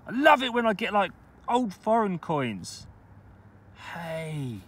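A man talking casually to camera while metal detecting outdoors, chatty and excitable about his finds. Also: high voice, moderate pace, breathy edge. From England. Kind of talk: casual vlog commentary. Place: outdoors in a wet field.

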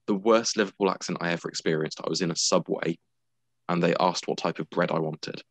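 A man's voice: low voice, brisk, dry recording. A man from the United Kingdom co-hosting a podcast in casual chat, tired and matter-of-fact, teasing his co-host.

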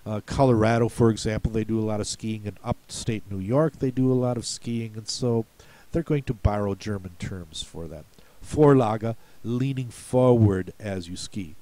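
A man's voice: on the low side, moderate pace, dark tone. A man from the United States patiently explaining word pronunciations for a spelling lesson, in a folksy, step-by-step way. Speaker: spelling bee coach.

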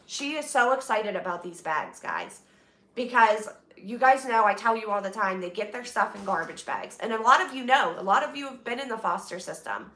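A woman's voice: medium pitch, lively intonation, normal speed, fairly bright tone. A woman hosting a casual live stream, gushing and emotional as she thanks her viewers. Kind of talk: casual live-stream chat while unboxing donations. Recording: roomy, far from the mic, noisy.

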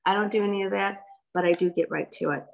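A woman's voice: mid-range voice, fast, gravelly, a little hiss or hum. A woman giving a direct, folksy workshop talk as guest speaker. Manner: lively, direct, folksy coaching. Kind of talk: workshop presentation.

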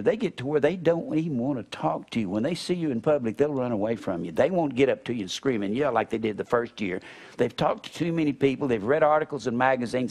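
A middle-aged man, preaching a sermon in church in a folksy storytelling way, acting out other people's words and swinging between loud and soft. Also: medium pitch. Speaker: pastor.

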